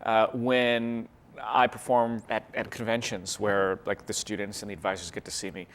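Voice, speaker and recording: A man from California, chatting as an interview guest, lively, laughing often, with many restarts and fillers. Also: lowish voice, normal speed. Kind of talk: casual interview chat.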